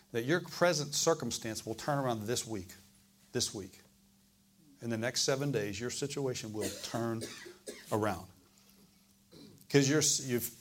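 Man, pastor, sermon, mid-pitched voice, loud-to-hushed swings, asks the congregation questions. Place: church service.

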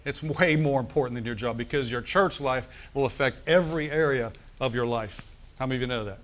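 A male pastor preaches a sermon at a brisk clip, calling out to the congregation for responses. He swings between loud bursts and soft, low asides.

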